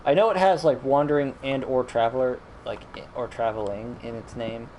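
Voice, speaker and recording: A man's voice: medium pitch, fairly even intonation, moderate pace, a little mellow, slight background noise, poor audio. A man streaming a video game, rambling in casual commentary with frequent self-corrections and mild exasperation. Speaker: gaming streamer.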